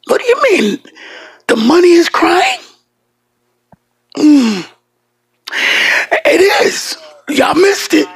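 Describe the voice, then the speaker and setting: A male pastor with a very high voice full of gravelly fry. He preaches emphatically, swinging between hushed tones and shouts, and slows down to stretch out key words. He throws in casual joking asides to the congregation. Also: expressive. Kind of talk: sermon.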